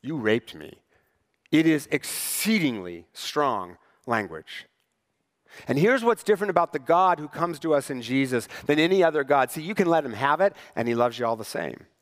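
A pastor preaching a sermon in church, conversational and wry, with rhetorical questions to the congregation. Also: male voice, on the high side, big pitch swings, normal speed, in a large hall. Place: church sanctuary.

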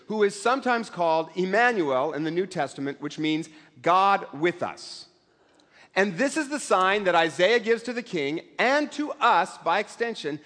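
Middle-aged male pastor, high voice, casual joking sermon, long hall echo. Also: fairly bright tone. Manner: conversational, self-deprecating humor, acts out voices. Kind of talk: sermon with humorous asides.

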